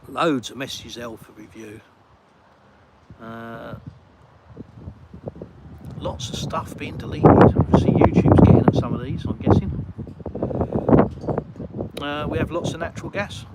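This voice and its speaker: Chatty English man over loud traffic. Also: mid-range voice, unhurried, long pauses. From England. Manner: chatty, rambling, reads out viewer messages. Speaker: live streamer. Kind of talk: casual livestream chat. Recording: loud street and traffic noise.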